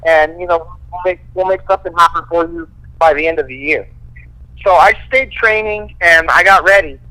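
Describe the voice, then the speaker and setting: A man, a fighter guest, casually telling profane, animated stories full of quoted dialogue. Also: high-pitched, rough recording. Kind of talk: casual storytelling.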